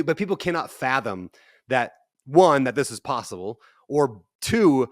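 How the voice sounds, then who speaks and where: A man's voice: medium pitch, a little slow, no room sound, studio quality. A man in his thirties, a podcast guest, telling stories in casual conversation and acting out the people he quotes. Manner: animated storyteller, acts out quotes. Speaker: guest, real estate investor.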